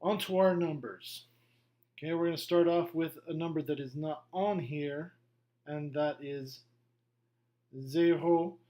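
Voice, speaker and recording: A middle-aged man teaching a beginner language lesson, going slowly through a worksheet, patient and repetitive with frequent okays. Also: on the high side, steady tone, dark tone. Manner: slow, patient, repeats himself with many okays. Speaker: French teacher. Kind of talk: classroom lesson walkthrough.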